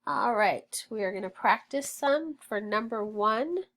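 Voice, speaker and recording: A woman teaching a phonics lesson, sounding out words slowly and encouraging her students. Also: fairly high pitch, lively intonation, fairly bright tone. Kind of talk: slow, deliberate phonics drill.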